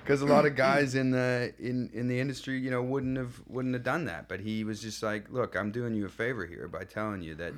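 A man's voice: mid-range voice, fairly quick, few pauses. A man, an actor guest, telling casual anecdotes with lots of laughter and acted-out quotes. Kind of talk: casual storytelling chat.

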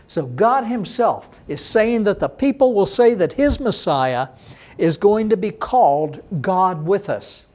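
Higher-voiced man teaching a sermon. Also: animated, darkish tone. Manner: explains slowly, spells out words, voices listener questions. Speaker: pastor.

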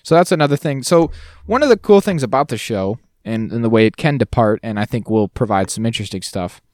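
A man co-hosting a casual podcast chat, his pitch leaping around in an animated, jokey way. He trails off and restarts his thoughts. The sound is dry and close, with no room around it. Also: fairly quick, no room sound. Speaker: podcast co-host.

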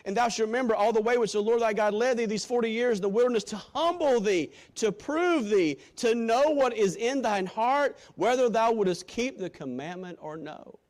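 A male preacher giving a sermon, quoting scripture in old-fashioned wording and swinging from shouted appeals to hushed, quiet lines. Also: extremely high pitch, animated, normal speed, hardly any pauses. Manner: impassioned, swinging from loud shouting to hushed tones.

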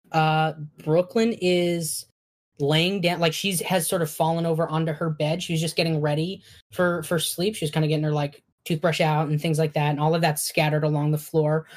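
A woman's voice: low voice, darkish tone. A woman narrating as game master, loose and hesitant with many fillers.

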